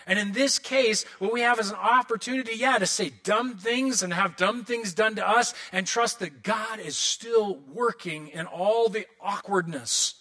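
Bright, high-voiced man preaching a sermon. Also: measured pace, few pauses. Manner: animated storytelling with comic asides. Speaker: pastor.

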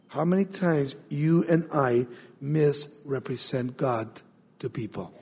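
A man preaching a sermon, building to loud emphasis and acting out the voices of biblical figures. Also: mid-range voice, takes it slowly, slightly rough. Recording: long hall reverb.

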